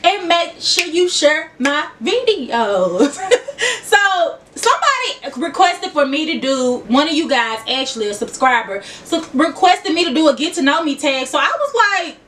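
Casting: young woman, Memphis Southern accent, high voice, a bit off-mic. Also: sing-song, unhurried, a bit bright, recorded from a distance. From Memphis, Tennessee. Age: 20s. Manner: chatty, laughing, addresses viewers as y'all. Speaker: YouTuber. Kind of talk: casual vlog chat.

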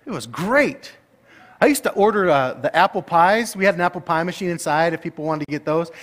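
A middle-aged male pastor preaching a sermon, telling stories playfully and breaking into excited, high outbursts. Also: brisk. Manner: animated, playful storytelling that rises to excited, high-pitched outbursts.

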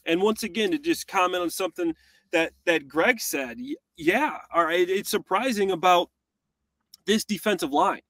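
A man with a fairly high voice co-hosts a football breakdown, casual and animated. His voice is recorded close and dry, with no room sound, and he breaks into quick voices to act out plays. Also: dry recording. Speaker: co-host, former tight end.

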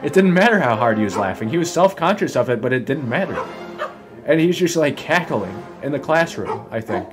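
A man's voice: mid-range voice, big pitch swings, a little fast. Rambling, swearing man with game music. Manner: rambling, swears often, fills with "like"; laughs often while talking. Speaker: gaming video host. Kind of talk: casual gameplay commentary.

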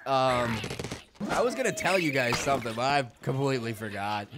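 A young man casually commenting on a mobile game, rambling nonsense and suddenly bursting into loud shouts. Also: mid-range voice, expressive, normal speed, noisy background. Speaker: gaming video host. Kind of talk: goofy let's-play commentary.

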